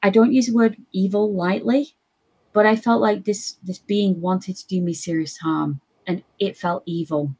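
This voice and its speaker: A young woman telling a spooky personal story in casual chat, lively and quoting others. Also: medium pitch, normal speed, husky. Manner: animated, quotes others in voices.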